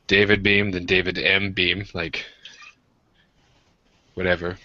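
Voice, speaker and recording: A man's voice: sits low, little pitch movement, slow, no room sound, highs cut off. A young man co-hosting a podcast in casual rambling chat, profane and self-mocking as he tells jokey stories. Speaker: podcast co-host.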